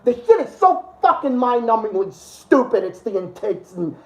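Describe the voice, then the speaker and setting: A man's voice: very high-pitched, big pitch swings, normal speed, echoey room, rough recording. A man hosting a livestream and ranting over clips in a profane, sarcastic, exasperated way. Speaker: livestream host.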